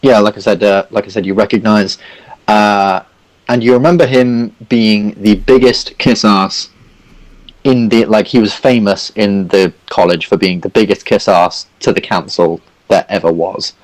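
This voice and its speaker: A man's voice: lowish voice, fairly even intonation, normal speed, low-quality recording. A man narrating a tabletop game as dungeon master, rambling and full of "sort of"s. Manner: rambling, many fillers like "sort of".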